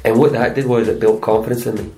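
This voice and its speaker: A man's voice: mid-range voice, fairly even intonation, fast talker, dark tone, soft background music, rough recording. A middle-aged Scottish man, an actor and stuntman, telling chatty anecdotes in an interview and slipping into voices for the people in them. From Scotland. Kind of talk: casual interview storytelling.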